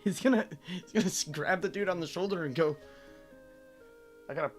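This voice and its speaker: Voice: mid-range voice, fairly quick, pauses often, faint music behind. A live streamer in casual chat, ranting and teasing with exasperation and swearing.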